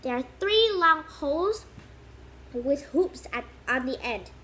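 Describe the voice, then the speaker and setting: A woman reading the part of a tired boy who answers in a flat, resigned way. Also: high-pitched, slow pace, slight background noise, heavily acted.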